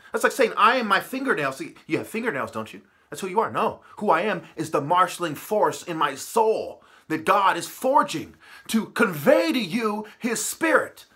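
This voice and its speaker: A man in a profane, preachy ranting monologue, swinging from muttering to shouting. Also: high-pitched, slightly rough. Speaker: vlogger.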